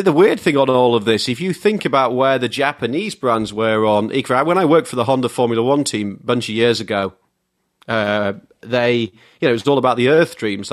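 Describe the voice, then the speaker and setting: A man, a car journalist, chatting as a podcast guest in an enthusiastic, rambling storytelling way. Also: medium pitch. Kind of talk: casual podcast chat.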